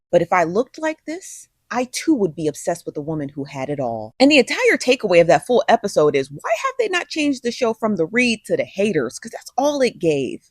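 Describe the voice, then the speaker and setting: Sarcastic woman with lively pitch. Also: no room sound, studio quality. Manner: sarcastic, mocking. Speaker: commentator. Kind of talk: reaction commentary.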